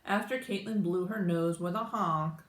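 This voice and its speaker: A woman teacher reading a children's storybook aloud with animated, expressive narration. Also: fairly low pitch, normal speed. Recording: roomy echo.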